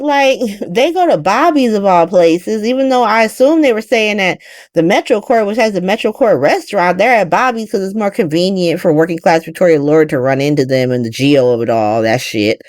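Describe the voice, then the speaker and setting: A woman hosting a casual soap opera recap, animated and profane with exasperated ranting. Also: medium pitch, no room sound, clean studio sound. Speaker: recap podcast host.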